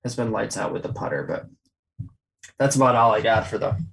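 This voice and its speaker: A man's voice: on the low side, fairly quick, creaky, a bit bright, poor audio. A man hosting a casual golf betting chat, rattling off odds and stats. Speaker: golf betting podcast host.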